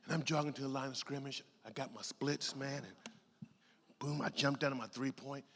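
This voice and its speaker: A middle-aged man giving a motivational keynote, telling a story in an animated way and acting out voices as he goes. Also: medium pitch, normal speed, creaky, slight background noise. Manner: animated, acts out voices, laughs often. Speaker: keynote speaker. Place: large conference hall. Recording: long hall reverb.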